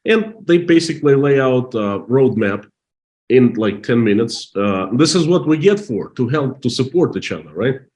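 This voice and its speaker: A middle-aged man from Russia with a Russian accent, telling a story in halting, emotional English full of restarts. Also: medium pitch, expressive, darkish tone. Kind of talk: casual storytelling.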